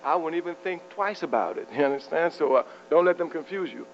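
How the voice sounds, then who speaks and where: A man's voice: on the high side, animated, brisk. A man delivering an impassioned political speech to university students, rhetorical and fiery, chuckling at his own jokes. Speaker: public speaker addressing university students. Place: university lecture hall. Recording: muffled archival tape with mains hum.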